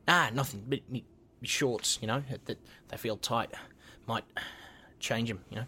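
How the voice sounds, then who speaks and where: A man's voice: medium pitch, moderate pace, sharp tone, slight background noise, natural voice. An actor playing an anxious male footballer, defensive and worried. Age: 30s.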